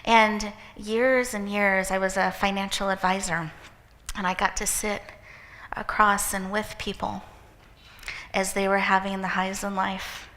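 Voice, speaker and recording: A woman hosting an event, giving an inspirational talk with a gentle, encouraging guided visualization. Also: mid-range voice, little pitch movement, unhurried. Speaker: event host and speaker. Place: event hall with live audience. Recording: echoey hall reverb.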